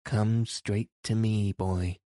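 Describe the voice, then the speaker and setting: A gentle, kindly old grandmother speaks earnestly in an audiobook, voiced by a man reading in his own deep voice. The delivery is slow and unhurried. The sound is close and dry. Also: steady tone, no room sound. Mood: coaxing. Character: kind gentle elderly grandmother.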